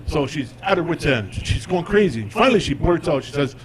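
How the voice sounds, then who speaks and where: A man in his forties does stand-up on stage before a live comedy club audience, with a conversational, self-deprecating delivery. His voice is a little high, animated and a little fast, and there's slight background noise.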